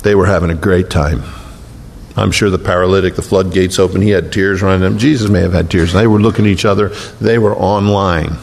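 A middle-aged male pastor preaching a sermon, moving between raised, emphatic declarations and low, hushed, tender passages. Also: fairly even intonation, fairly quick, vocal fry. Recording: long hall reverb, faint rumble.

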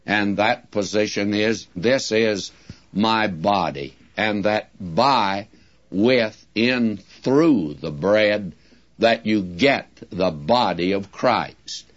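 Male Bible teacher, slow deliberate sermon delivery, stresses key words, dull lo-fi recording. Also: fairly low pitch. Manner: addresses listeners directly, folksy asides.

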